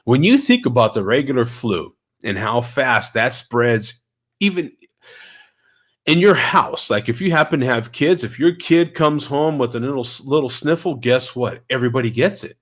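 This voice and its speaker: Man, casual vlogger with a slightly stuffy nose, swooping lively delivery, middle pitch, chatty and animated. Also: normal speed. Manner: animated storyteller, reads and answers chat comments. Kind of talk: casual livestream chat.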